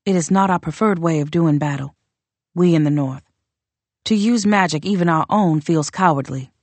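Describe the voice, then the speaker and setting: A woman reading as a proud northern warrior queen lays out terms in a low, formal voice. She sounds measured and coolly contemptuous, close and dry with no room around her, an audiobook figure. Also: darkish tone, dry recording. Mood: cold, demanding.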